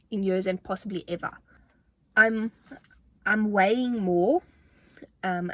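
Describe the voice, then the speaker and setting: A young woman talking to camera in a casual fitness vlog, earnest and motivational, chatty with fillers, a little out of breath. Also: mid-range voice. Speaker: fitness vlogger.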